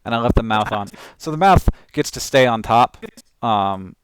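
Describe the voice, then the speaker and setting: A man's voice: medium pitch, expressive, normal speed, smooth, no echo. A man casually talking through his own video edit, rambling with lots of fillers and restarts. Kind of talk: casual talk-through while editing.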